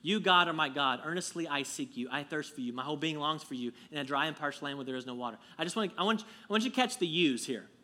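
A man preaching a sermon to his congregation, conversational and earnest, dropping to a hush and then rising to emphatic peaks. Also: fairly high pitch, expressive, fast, hardly any pauses. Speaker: pastor.

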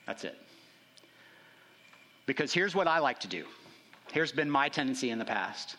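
A man preaching a sermon as a pastor, conversational and checking in with the congregation, rising for emphasis and dropping low for asides. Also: animated, normal speed, long pauses. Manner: conversational, frequent "right?" check-ins; rises in pitch and intensity for emphasis, drops low and quiet for asides.

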